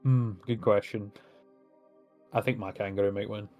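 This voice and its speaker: A man's voice: on the low side, steady tone, moderate pace, dull audio, faint music behind. A man co-hosting a casual podcast, chatting loosely with frequent laughs and fillers. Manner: laughs often, many fillers. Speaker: podcast co-host.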